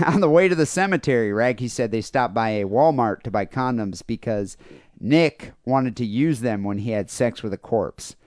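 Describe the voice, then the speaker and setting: A man's voice: mid-range voice, lively intonation, normal speed, darkish tone, dry recording, clean studio sound. Crude joking podcast host man. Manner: crude, joking, reads out a news story with lots of fillers. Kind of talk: casual comedy podcast chat.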